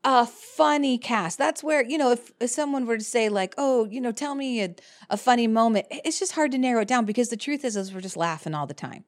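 Animated woman telling theater stories. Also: a little high, a little fast. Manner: animated storyteller, laughs often. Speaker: cabaret performer and director. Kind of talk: casual chat.

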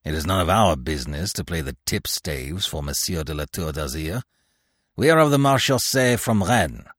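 Man doing a gruff cavalry sergeant. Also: low voice, animated, moderate pace, fairly bright tone, dry recording, studio quality, pitched below the performer's own voice. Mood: relenting. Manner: gruff, brusque. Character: gruff middle-aged male mounted police sergeant.

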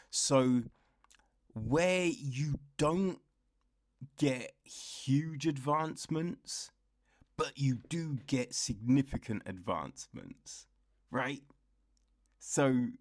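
A young man speaking slowly and unhurriedly, chatting his way through a book review. His talk rambles and is full of laughs and acted-out quotes. The recording is dry and close, with no room sound. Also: mid-range voice, no echo. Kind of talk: casual chat.

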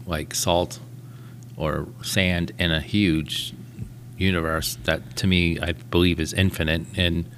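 A man's voice: sits low, little pitch movement, slow, fairly bright tone, slight background noise. A man in casual conversation, rambling through big thoughts and telling a joke with voiced characters. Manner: rambling, musing, tells jokes with voiced characters. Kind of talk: casual podcast chat.

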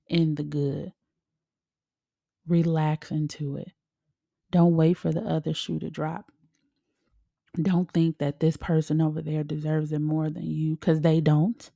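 A woman hosting a podcast as a medium, giving casual motivational talk in a relaxed, chatty way with loose colloquial phrasing. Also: low voice, creaky, dry recording.

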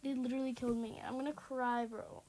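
A young woman commentating her own horror game play in a jumpy way, dropping to hushed whispers and then bursting into loud panicked exclamations. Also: a little high, little pitch movement, fast. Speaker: gamer.

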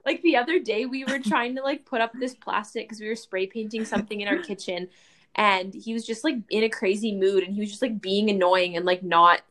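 A woman's voice: medium pitch, steady tone, a little fast, fairly bright tone. Chatty woman full of "like" fillers. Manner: chatty, lots of "like" fillers, quotes people. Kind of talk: casual chat.

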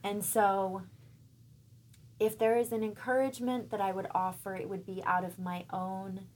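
A woman in her thirties, a church member talking about her faith in a thoughtful, searching way, pausing often to find her words. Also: mid-range voice, flat delivery, darkish tone. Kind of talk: reflective faith conversation.

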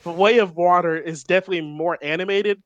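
A man's voice: high-pitched, quick pace, muffled recording. A man co-hosting a casual film podcast, explaining his views thoughtfully and restarting phrases often. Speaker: podcast co-host.

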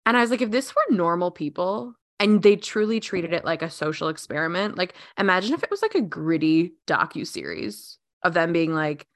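A young woman with a lowish voice, chatting casually as a podcast co-host and thinking out loud with plenty of "like"s. The sound is dry and close, with no room around it. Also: no echo. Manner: chatty, muses aloud with many "like"s. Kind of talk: casual chat.

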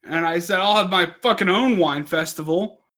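A drunk man hosting a podcast, telling a story in a profane rant with loud outbursts. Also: high-pitched, normal speed. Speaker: podcast host. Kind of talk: casual drunk chat.

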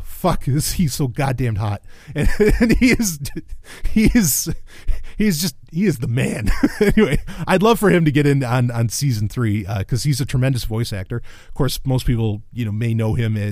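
A man talking through a casual review monologue in a mid-pitched voice. He is excitable and profane and rambles with frequent restarts. The sound is dry and close, with almost no room echo.

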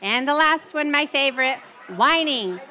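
A woman's voice: sits high, lively intonation, moderate pace, heavy background noise. A middle-aged woman teaching a parenting class in a chatty way, often checking in with her listeners. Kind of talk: workshop teaching to a live group.

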